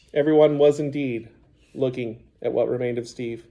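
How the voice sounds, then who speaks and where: A man narrating a children's audiobook in a measured storytelling manner. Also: mid-range voice, fairly even intonation, mellow.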